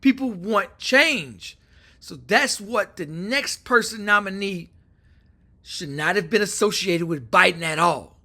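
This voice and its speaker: Animated, bright-voiced man riffing on politics. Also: high voice, takes it slowly. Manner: animated, acts out quoted phone calls. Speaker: political commentator. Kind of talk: casual opinion monologue.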